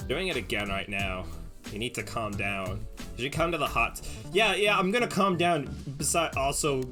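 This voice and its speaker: A male streamer chats loosely over his game, tripping over repeated words as he rambles along. His voice sits at a middle pitch for a man. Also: expressive, moderate pace, music in the background. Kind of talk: casual gaming stream commentary.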